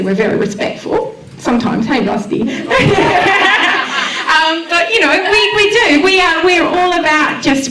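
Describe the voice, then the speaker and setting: Australian woman, high voice, heartfelt and persuasive, far from the mic. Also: background noise. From Western Australia. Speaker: community radio volunteer presenter. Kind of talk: emotional public speech at a launch event. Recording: echoey room, voice far from the mic.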